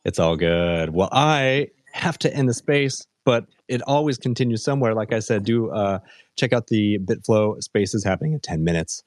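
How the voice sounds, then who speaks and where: A man with a lowish voice hosts a casual live audio chat. He talks in a relaxed way with fillers and restarts. The sound is dry and close. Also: moderate pace, no echo. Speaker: host.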